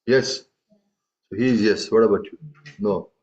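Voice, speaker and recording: Low-voiced tabla teacher. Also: male voice, normal speed, a little mellow. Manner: checks in with questions, explains patiently. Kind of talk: live music lesson. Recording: dull lo-fi audio.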